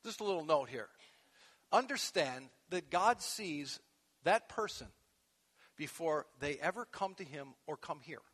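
A male pastor preaching a sermon, animated, swinging from soft conversational asides to loud emphatic peaks. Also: fairly high pitch, a little slow, breathy edge. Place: church sanctuary. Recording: long echo of a large hall.

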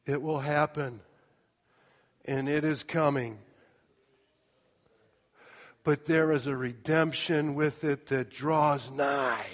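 A middle-aged man preaching a sermon, telling a personal story and acting out scenes with sudden shouts and asides. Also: on the high side, fairly even intonation, takes it slowly, long pauses. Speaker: pastor. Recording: long hall reverb.

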